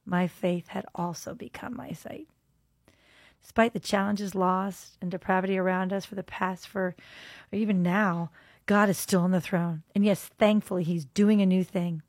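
A woman hosting a faith podcast, telling a personal story with lively expression and moving into quiet, earnest prayer. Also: mid-range voice, moderate pace, no room sound.

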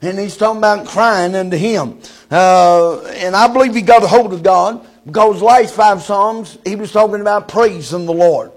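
Man, preacher, husky, rhythmic chanting sermon, frequent uh fillers, raised voice. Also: high voice, normal speed.

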